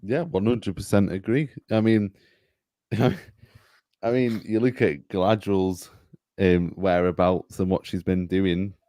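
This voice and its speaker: A man joining a casual review chat as guest, agreeable and quick to laugh. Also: deep voice, steady tone, warm tone, dry recording. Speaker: co-host guest.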